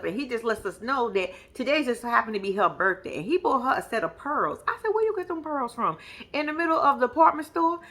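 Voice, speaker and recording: A young woman, casually and profanely recapping a reality show with sassy, animated storytelling. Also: fairly high pitch.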